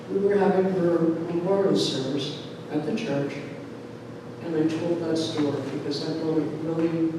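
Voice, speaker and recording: A man in his sixties telling a personal story live on stage, animated and lively, recorded from far off in an echoey, noisy hall. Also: fairly high pitch. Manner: animated, lively, acts out voices.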